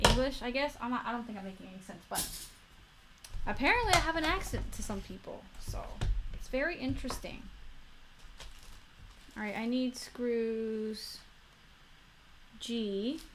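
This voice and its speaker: A woman's voice: on the high side, background noise. A young woman with a Florida accent, chatting casually on a livestream while building a model kit, rambling and correcting herself as she goes.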